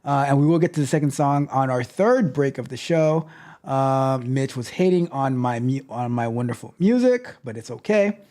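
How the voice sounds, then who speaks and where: A man's voice: mid-range voice, expressive, moderate pace, dark tone. A man hosting a tech livestream who reads chat aloud in a theatrical, sarcastic way, full of playful mock outrage. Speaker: host.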